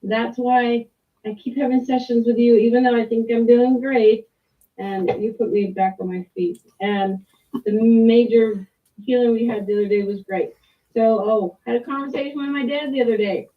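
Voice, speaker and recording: A woman's voice: on the high side, fairly even intonation, normal speed. A middle-aged woman giving a rambling, candid personal testimony with restarts and mild swearing. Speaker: client sharing a testimonial. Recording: tinny phone-like line, distant from the mic.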